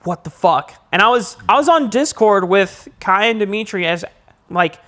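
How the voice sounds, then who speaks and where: A young man, a podcast co-host, telling a long story in casual chat, his voice jumping high when he acts out his own panic. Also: moderate pace. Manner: animated storyteller, rises high acting out panic.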